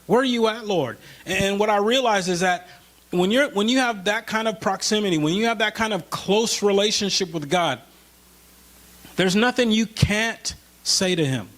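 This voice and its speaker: A male pastor preaching a conversational sermon in a church, slowing down for scripture and rising when he voices a plea. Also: high-pitched, a bit bright. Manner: conversational, slows for scripture, rises when pleading.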